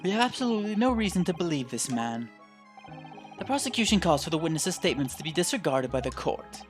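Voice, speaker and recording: A man's voice: on the high side, big pitch swings, fast, soft background music, voice pushed up. A man voicing a cold, haughty male prosecutor, dismissive and clipped.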